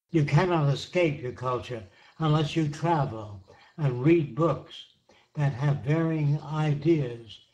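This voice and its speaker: An older man gives a seminar talk, speaking slowly and emphatically and pressing each point home with simple examples. His voice sits a little high for a man. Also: darkish tone, highs cut off. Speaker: lecturer answering questions.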